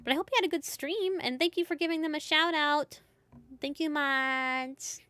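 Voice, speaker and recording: A woman streaming a video game, chatting in a casual, rambling way with quick asides. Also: high-pitched, sharp tone, no echo.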